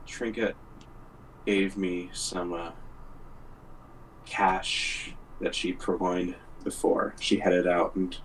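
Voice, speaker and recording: An earnest, generous adventurer from a tabletop game, played by a man. His voice is very deep and sounds distant from the mic, with faint noise behind it. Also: flat delivery, takes it slowly, long pauses. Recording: far from the mic.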